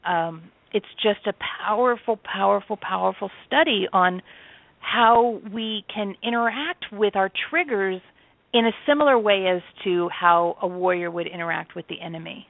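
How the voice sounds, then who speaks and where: A woman's voice: mid-range voice, normal speed, gravelly, no room sound. A woman guest in an interview, talking in a chatty, enthusiastic way with frequent restarts. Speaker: channeler and author, interview guest. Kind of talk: casual interview talk. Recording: dry tinny phone line.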